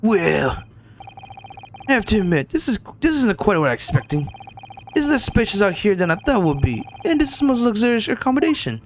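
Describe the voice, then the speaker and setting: A man's voice: high-pitched, big pitch swings, brisk, slight background noise, voice pushed up. A man plays an earnest young male student in a visual novel game. The voice is lifted slightly and eager. He asks questions politely.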